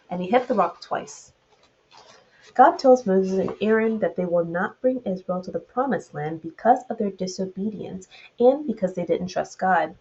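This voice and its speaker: A woman's voice: mid-range voice, a little mellow, muffled recording, slight background noise. A woman with a Southern US accent teaching a Bible study, retelling the verses and then adding loose commentary of her own.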